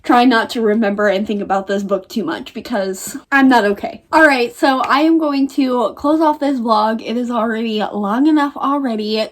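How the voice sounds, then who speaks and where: A young woman from the United States talking to camera in a casual book vlog, dramatic and exasperated. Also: a little high. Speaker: book vlogger.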